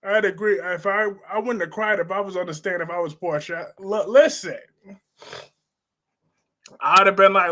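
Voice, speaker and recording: A man hosting a live stream, reading viewer comments and reacting in a sassy, blunt, animated way. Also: high voice, moderate pace. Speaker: host of a live soap opera discussion stream.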